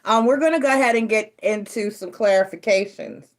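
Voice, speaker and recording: A woman's voice: mid-range voice, a little fast. A woman from New York with a Southern American accent, doing a casual tarot reading at home, chatty and often laughing. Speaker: tarot reader.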